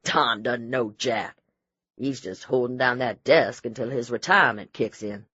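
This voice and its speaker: A man's voice: medium pitch, moderate pace, bright, forceful tone, breathy edge, dry recording. A man narrating an audiobook voices a smug, menacing male sheriff who taunts and brags, on dry, slightly dull audio. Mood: mocking. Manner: taunting, bragging, condescending.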